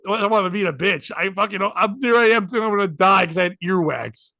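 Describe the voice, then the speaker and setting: High-voiced, bright animated man telling a story. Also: quick pace, creaky, no echo. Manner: animated, self-mocking storyteller who acts out dialogue. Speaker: podcast co-host. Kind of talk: casual storytelling chat.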